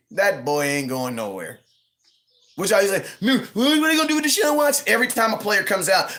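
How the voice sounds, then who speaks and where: A man in his thirties hosting a live stream, ranting casually about sports, animated and mocking, with quick impressions and frequent laughs. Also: fairly high pitch. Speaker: livestream host.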